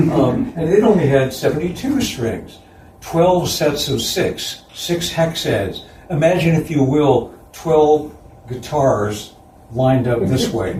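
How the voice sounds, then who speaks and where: Guy lecturing at a conference, kinda mellow voice, heard from far off in a roomy hall w some faint hiss. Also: medium pitch. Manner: relaxed, chuckling asides. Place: concert hall. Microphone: distant room mic. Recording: roomy, distant hall recording.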